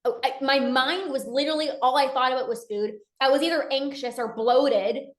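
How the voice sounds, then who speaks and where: High-voiced earnest woman coach. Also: steady tone, moderate pace, echoey room. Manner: earnest, acts out inner dialogue in quotes. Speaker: binge eating coach. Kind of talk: casual motivational talk.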